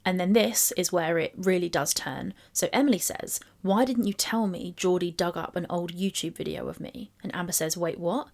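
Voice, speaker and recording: A woman's voice: fairly low pitch, normal speed, creaky, hardly any pauses, darkish tone. A woman giving commentary on text messages, reading them aloud and picking them apart. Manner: reads screenshots aloud and picks them apart. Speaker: commentary YouTuber.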